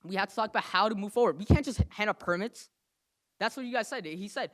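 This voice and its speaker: During a council meeting, a young New Jersey man gives an impassioned comment at high speed, hammering points home with "right?" and "okay?" His voice is high-pitched with a fairly bright tone.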